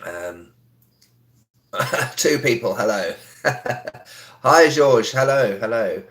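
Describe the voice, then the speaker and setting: A man hosting a casual live stream from home, talking quietly with a sore throat, greeting viewers with lots of ums. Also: medium pitch, lively intonation, very slow. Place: indoors in a home.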